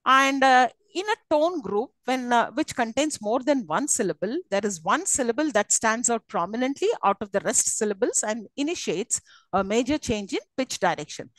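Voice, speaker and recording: Speaking a little high and with animation, a woman lectures to her university English students at a moderate pace. Her patient explanations are full of fillers and questions to the class, captured in a low-quality recording with no room sound.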